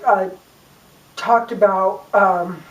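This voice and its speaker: A woman's voice: medium pitch, fairly even intonation, extremely slow. A young woman vlogging casually to camera, rambling and chatty with lots of fillers and little jokes. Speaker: YouTube vlogger. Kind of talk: casual talk to camera about a book. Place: room, filmed by a camera person. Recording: echoey room from far off.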